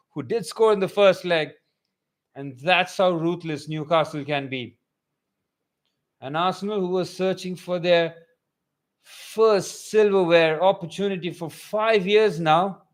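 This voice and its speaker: Young male fan commentator, a touch high-pitched, excitable play-by-play for a watchalong stream. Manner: excitable, swings from calm to loud bursts. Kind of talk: live match commentary.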